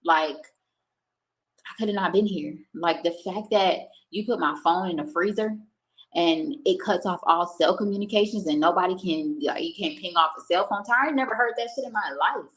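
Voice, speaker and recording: Blunt, low-voiced woman telling her story. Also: a little fast, a bit bright, rough recording. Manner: candid and emotional, swears freely, slips into quoting herself. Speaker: streamer recounting a personal experience. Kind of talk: casual chat with viewers. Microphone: home streaming setup.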